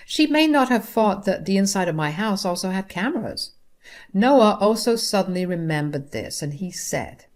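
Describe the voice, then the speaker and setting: A woman's voice: mid-range voice, very animated, normal speed, darkish tone. Young woman telling a dramatic family story. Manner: dramatic, gossipy retelling. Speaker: narrator. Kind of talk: first-person story narration.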